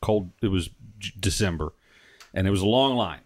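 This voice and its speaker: A man co-hosting a podcast, telling a profane, animated story in casual chat in a studio. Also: deep voice, moderate pace. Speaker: podcast co-host.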